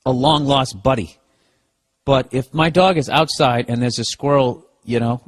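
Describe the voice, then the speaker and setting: A middle-aged man hosting a podcast, ranting alone in a sarcastic, profane, casual way. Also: on the high side. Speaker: podcast host.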